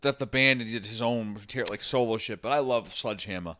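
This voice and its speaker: A man's voice: mid-range voice, a little fast, crowd noise. Blunt, swearing man on a podcast. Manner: blunt and profane, opinionated, casual slang. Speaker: podcast co-host. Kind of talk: casual chat about music.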